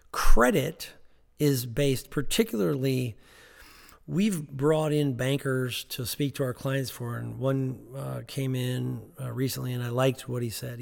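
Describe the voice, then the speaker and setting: A man's voice: mid-range voice, creaky, a little mellow, in a large hall. A man giving financial advice on a podcast, emphatic and repetitive, often checking in with "okay?".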